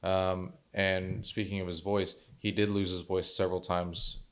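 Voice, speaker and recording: Male podcast co-host, low voice, easygoing opinions, frequent quick agreements. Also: level tone. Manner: laid-back, many short agreeing replies and fillers. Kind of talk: casual movie review chat.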